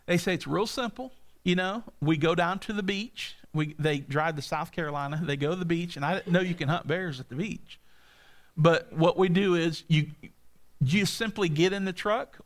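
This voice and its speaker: A middle-aged man preaching a sermon, telling folksy stories and checking in with listeners with frequent asides. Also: high voice. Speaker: pastor.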